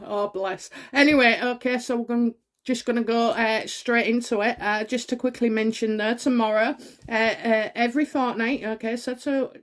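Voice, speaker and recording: A middle-aged woman, hosting her own tarot channel and chatting to camera, excitable and rambling with many fillers and restarts. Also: fairly high pitch, moderate pace. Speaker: tarot reader and channel host. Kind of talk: casual chat to camera.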